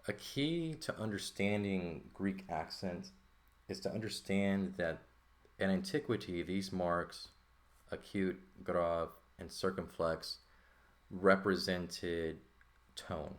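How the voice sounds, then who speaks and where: Man, very low voice, casual teacher, lots of ums and "right?". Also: slow pace. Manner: thinking aloud with many fillers and "right?" checks. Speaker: Greek teacher. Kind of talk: informal lesson walkthrough.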